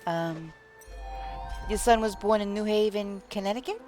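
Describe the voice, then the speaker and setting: A woman's voice: medium pitch, moderate pace, a little mellow, faint music behind. A woman from Long Island with a New York accent, chatting casually with viewers on a live stream and laughing often.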